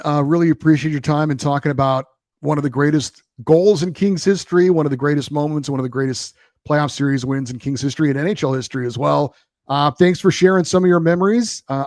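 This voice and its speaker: A man's voice: on the high side, darkish tone, dry recording, clean studio sound. A man hosting a sports podcast, upbeat, closing with a scripted sign-off. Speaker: podcast host.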